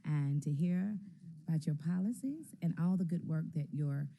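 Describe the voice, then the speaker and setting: A woman's voice: sits low, lively intonation, normal speed, creaky. Encouraging woman council member. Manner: warm, encouraging, preacherly. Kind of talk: welcoming remarks. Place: council chamber.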